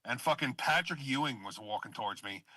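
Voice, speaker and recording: A man's voice: mid-range voice, lively intonation, a little fast, pushed and bright, dry recording. A man in his late thirties telling self-deprecating stories in casual podcast chat, swearing casually. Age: 30s.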